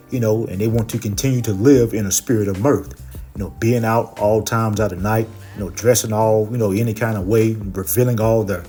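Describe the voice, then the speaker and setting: Low warm-toned guy preaching, lots of okay and you know, slows right down for the verses. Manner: reads verses slowly and louder. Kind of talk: scripture teaching.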